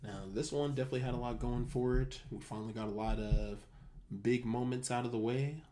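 A woman co-host with a remarkably deep, low-pitched voice, trading wry quips in a casual TV recap. A faint noise sits under the recording. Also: fairly even intonation, brisk, dark tone. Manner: wry, quippy asides. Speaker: podcast co-host. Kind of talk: casual episode recap chat.

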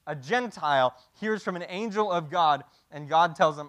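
Conversational preacher man, slightly high voice. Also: moderate pace, fairly bright tone. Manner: conversational, restarts and repeats words, asks rhetorical questions. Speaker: pastor. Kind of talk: sermon.

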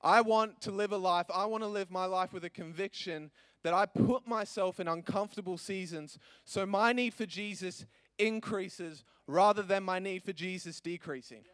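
A man's voice: sits high, moderate pace, smooth, dry recording. Earnest young male youth pastor preaching. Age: young adult. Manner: earnest, animated preaching with frequent restarts and fillers. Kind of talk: sermon.

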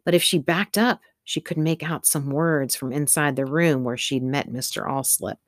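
A woman narrating a novel in a steady, measured storytelling manner. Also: sits low, no room sound, clean studio sound. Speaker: audiobook narrator. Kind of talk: scripted narration.

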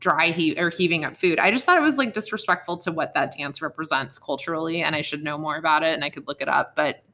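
A woman's voice: sits low, fast talker, few pauses, bright, forceful tone. A young woman casually recapping a TV drama episode, rambling with many fillers and self-corrections. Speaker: podcast co-host.

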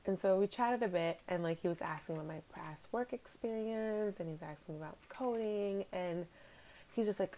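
Lady vlogger doing a chatty storytime, kinda low voice, lots of fillers. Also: a little fast, mellow, a little hiss or hum. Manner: chatty, heavy on fillers like "you know" and "like". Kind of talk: casual storytime monologue.

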